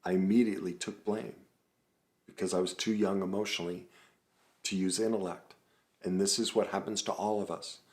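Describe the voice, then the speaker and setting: A man's voice: sits low, fairly even intonation, fairly quick. A man working as an emotional coach, leading a guided self-reflection talk in an earnest, emphatic way and steering the listener with questions.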